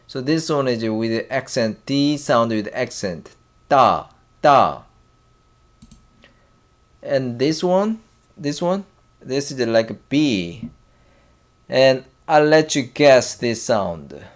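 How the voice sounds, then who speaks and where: A man with a Korean accent teaching a language lesson in a slow, halting way, pausing often and drilling syllables aloud. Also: medium pitch, expressive. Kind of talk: casual whiteboard lesson.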